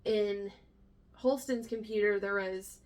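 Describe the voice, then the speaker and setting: A young woman recaps a novel's events in a steady, even-keeled way during a relaxed conversation. Her voice sits in a middle range. She quietly sets the facts straight when her co-host slips. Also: mid-range voice, slow. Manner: calm, steers back to the plot and corrects details. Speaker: book club co-host. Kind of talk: casual book discussion.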